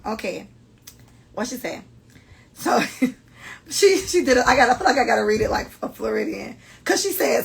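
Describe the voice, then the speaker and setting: Profane, animated young woman with gravelly voice. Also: a little high, brisk, rough recording. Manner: blunt, profane, animated storytelling. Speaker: podcast host. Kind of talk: casual storytelling podcast.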